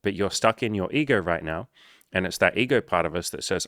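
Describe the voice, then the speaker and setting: Speaking fairly quickly in a voice that sits low, a dating coach gives a blunt motivational talk full of profanity. He is forceful and acts out quoted voices. The studio sound is clean, with no room sound.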